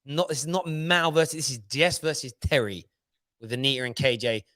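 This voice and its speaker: A man's voice: mid-range voice, normal speed, bright, forceful tone, no echo. A man co-hosting a football fan stream, boastful and teasing, laughing often in casual banter. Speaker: co-host of a football fan show.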